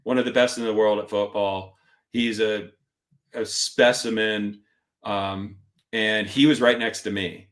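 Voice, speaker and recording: A man's voice: lowish voice, a little slow. A middle-aged man telling a story in casual conversation as a podcast guest, animatedly acting out the voices of others. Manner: animated, acts out instructors' lines in quotes.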